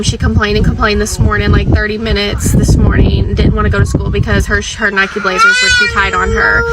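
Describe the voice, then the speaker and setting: A woman's voice: mid-range voice, bright, forceful tone, slight background noise, rough recording. A mother telling a long, rambling story in an exasperated rant. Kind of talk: venting mom rant.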